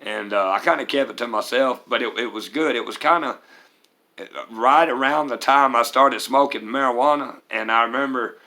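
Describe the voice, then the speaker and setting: A man's voice: mid-range voice, normal speed, pushed and bright. A man in his forties with a Mississippi accent, telling his life story in a candid, plain-spoken way with hesitant fillers. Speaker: vlogger sharing his recovery story. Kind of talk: personal storytelling.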